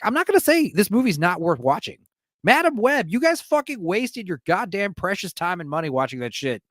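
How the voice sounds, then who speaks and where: A man's voice: fairly high pitch, fairly bright tone, no room sound, clean studio sound. A man streaming alone, giving a casual, profane movie recap and laughing often.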